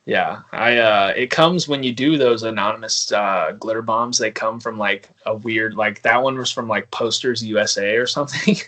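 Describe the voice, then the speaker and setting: A man with a fairly low, bright, forceful voice talks at a moderate pace with hardly any pauses. He's a podcast guest chatting casually, laughing a lot as he tells prank stories and acts out what the other people said.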